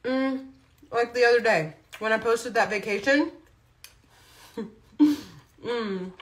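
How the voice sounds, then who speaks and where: A woman's voice: fairly high pitch, takes it slowly. A woman talking casually on a livestream, blunt and chatty, chewing food as she speaks. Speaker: vlogger.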